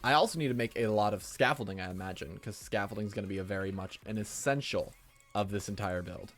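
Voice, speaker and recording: A young man with a lowish voice talks through his building plans as he plays, rambling and self-mocking in a loose stream-commentary way. Soft background music runs faintly behind him. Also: fast. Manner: chatty, thinking aloud, self-mocking. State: hiccups. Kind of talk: casual gameplay commentary.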